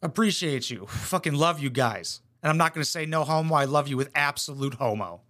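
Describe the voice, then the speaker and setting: Crude, sarcastic man with bright, high voice. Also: expressive, a little fast. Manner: crude, sarcastic, swears a lot. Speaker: reaction commentator. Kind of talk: comedic reaction commentary.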